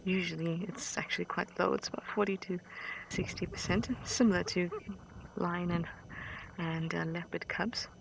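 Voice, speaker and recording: A woman working as a safari guide, giving soft, fond live wildlife commentary from a vehicle outdoors and often dropping to a whisper. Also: fairly low pitch, level tone, normal speed, gravelly, background noise. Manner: soft and fond, drops to a whisper near the animals.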